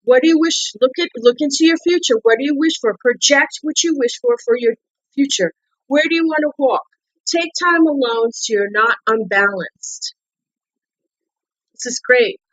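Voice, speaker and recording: Over lo-fi sound, a woman gives a relaxed tarot card reading at normal speed, her voice sitting high and her English marked by a non-native accent. Repetition, restarted words, and coaxing questions run through her delivery.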